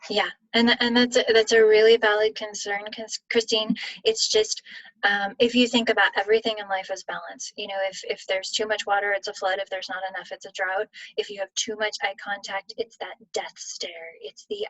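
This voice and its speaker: Husky-voiced woman hosting a webinar. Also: medium pitch, expressive, a little fast, a bit bright, dry recording, poor audio. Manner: conversational, explaining with acted-out examples. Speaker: webinar presenter on leadership. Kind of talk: live webinar Q&A. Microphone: computer mic on video call.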